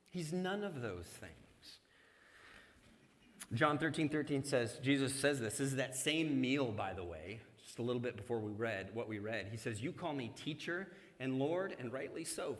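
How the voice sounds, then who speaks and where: A man's voice: on the high side, a bit bright. A middle-aged male pastor preaching a sermon in a church sanctuary, mixing scripture with humorous personal stories in a conversational way. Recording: long church hall reverb.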